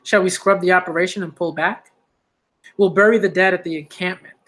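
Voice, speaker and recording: A man's voice: high voice, steady tone, a little fast, a bit bright. A man reading aloud, voicing a stern, commanding female military leader.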